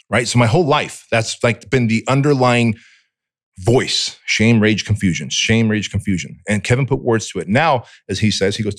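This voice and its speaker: A podcast guest, a man from Armenia, talks candidly in a fairly low voice, blunt and full of cursing. He acts out the voice in his own head as he tells it. The sound is dry and close, with no room echo. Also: moderate pace. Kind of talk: candid personal storytelling.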